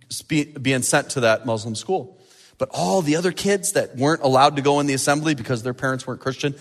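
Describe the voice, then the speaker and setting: A man preaching a sermon as pastor, animated and building to emphatic peaks. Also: on the high side, long reverb tail.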